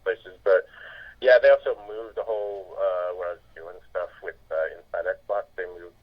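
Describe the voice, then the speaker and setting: A man in his forties calling in to a podcast, chatting in a relaxed, easygoing way. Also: low voice, normal speed. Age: 40s. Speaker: phone-in guest. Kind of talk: casual chat. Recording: dull lo-fi phone line.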